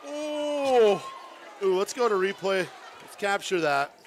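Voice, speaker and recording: A man giving live play-by-play commentary on a volleyball match in a school gym, often reacting with quick exclamations. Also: high voice, a faint crowd, a little hiss or hum. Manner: excitable, exclaims "ooh" at big plays. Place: school gymnasium.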